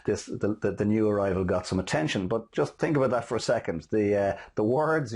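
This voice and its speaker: Man, low-pitched, fast casual motivational speaker, lots of uh fillers. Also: expressive, a little mellow, slightly rough. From Ireland. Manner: quick-talking, frequent uh fillers and restarts. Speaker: host and sales motivational speaker. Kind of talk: casual motivational talk with anecdotes.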